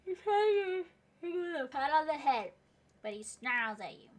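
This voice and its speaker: Casting: young woman reading a dating game aloud, playful, giggly asides, slightly high voice. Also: animated, normal speed, creaky. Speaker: let's play host.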